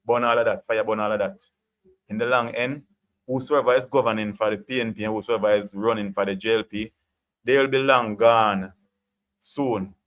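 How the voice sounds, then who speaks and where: A man's voice: lowish voice, fairly even intonation, normal speed, a bit bright. Ranting Jamaican man on a live stream. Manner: passionate, ranting, repeats "you get what I'm saying". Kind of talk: opinionated live chat monologue.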